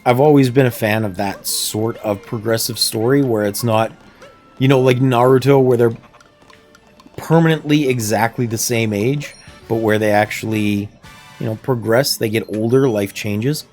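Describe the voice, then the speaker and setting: A man talking casually on a livestream while he plays a game. His voice sits at an average pitch, and he rambles in a chatty, easygoing way with a laugh now and then. He is close on a desk mic at home, with faint game music underneath. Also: normal speed, darkish tone. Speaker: streamer. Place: home room near plumbing. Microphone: desk microphone.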